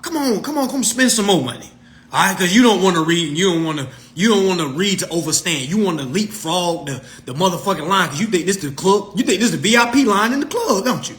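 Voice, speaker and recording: A man's voice: sits high, expressive, fast, a bit bright. A man coaching followers on consumer law in a profane, mocking rant. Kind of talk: ranting monologue to followers.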